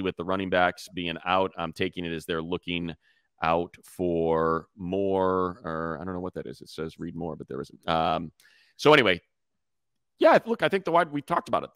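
Male sports podcast host, low voice, dry close sound, chatty storyteller. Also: fairly bright tone, no room sound. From Detroit, raised near Chicago. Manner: storytelling, mimics others' voices. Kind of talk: casual sports talk.

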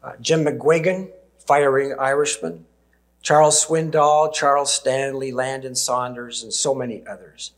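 A Canadian man in his sixties, a preacher giving a sermon full of personal stories, with gentle laughs and emphatic pauses. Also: mid-range voice, steady tone.

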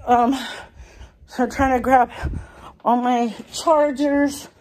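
A middle-aged woman vlogging on her phone from a dark, hot hotel room, crying and rambling in a panic, swearing as she talks. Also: sits high, fairly even intonation, takes it slowly. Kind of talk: casual phone vlog.

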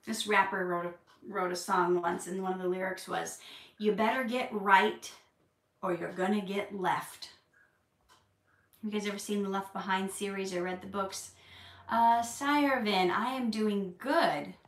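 An unhurried woman with a mid-range voice runs a live Q&A stream, talking casually with viewers before becoming earnest and preachy; excitement makes her animated. The audio comes from a distant mic with roomy echo, slightly off-axis.

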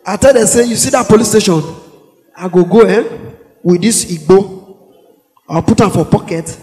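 On stage in a big, reverberant hall, a Nigerian man with a Pidgin English accent tells a comic story at normal speed in a piercing, very high voice. The stand-up comedian animatedly acts out his characters, including police, shouting and laughing throughout.

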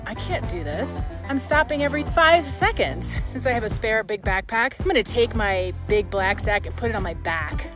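An adventure vlogger pushes her bike up a steep mountain trail, talking to the camera breathlessly and with exasperation, swearing occasionally. Her voice is fairly high and expressive, at normal speed with hardly any pauses, and music plays in the background.

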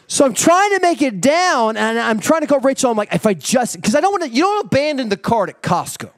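A middle-aged man preaching a sermon, telling a story with animated energy and acting out family members. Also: extremely high pitch, a little fast. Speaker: pastor.

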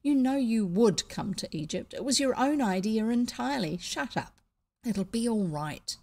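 A woman reading aloud, voicing a quick-witted boy who talks in a brisk, persuasive way. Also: a little high, animated, darkish tone. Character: quick-witted boy, bossy elder brother.

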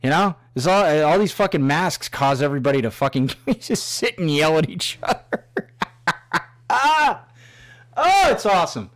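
A man hosts a loud, mocking rant, swearing in nearly every line and laughing at his own jokes. His pitch swings widely as he talks, from grumbling lows to sudden high exclamations. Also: sing-song, normal speed. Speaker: host. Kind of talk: profane ranting commentary.

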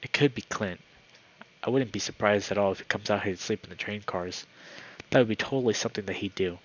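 A man reading a visual novel aloud in first person, with a steady storytelling delivery that slows for tense moments. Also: lowish voice. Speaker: channel host. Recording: dull lo-fi with faint hiss.

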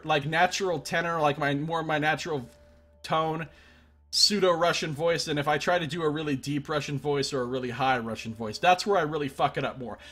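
Chatty male Let's Play streamer, slightly high, husky voice, reads game text aloud between asides to chat. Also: fairly bright tone. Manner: chatty and self-deprecating, greets chat viewers. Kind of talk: casual game commentary, reading game text aloud.

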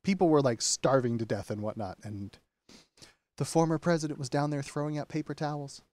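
A man's voice: a little high, brisk, darkish tone, no room sound. A man hosting a casual podcast, chatty and reading listener questions aloud. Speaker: podcast host.

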